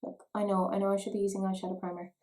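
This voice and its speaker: A woman's voice: medium pitch, level tone, rapid-fire, mellow, slight background noise, poor audio. A woman, chatting playfully and mocking herself while doing her makeup at home for a beauty vlog. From Ireland. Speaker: beauty vlogger. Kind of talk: casual makeup tutorial chat.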